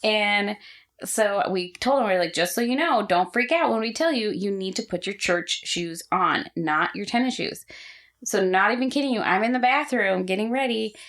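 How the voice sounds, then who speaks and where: A woman co-hosting a casual podcast chat, telling stories and acting out quotes in a higher voice. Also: moderate pace. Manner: animated storyteller, acts out quotes in a high voice. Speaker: podcast co-host.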